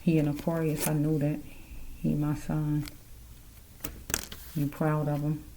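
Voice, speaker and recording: A woman's voice: low-pitched, monotone, a little slow, dark tone, slight background noise, poor audio. A woman giving a casual tarot card reading, rambling and musing aloud as she speaks straight to the listener.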